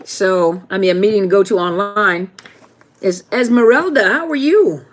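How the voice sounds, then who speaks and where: A woman's voice: medium pitch, moderate pace. A woman hosting a live question-and-answer stream, chatting casually and greeting viewers one by one by name.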